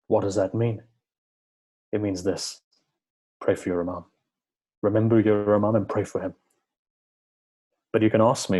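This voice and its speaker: Giving a sermon at a religious gathering, a man tells stories, performs quoted dialogue, and repeats his points with earnest emphasis. His voice is on the low side, mellow and husky, with fairly even intonation, a moderate pace and long pauses.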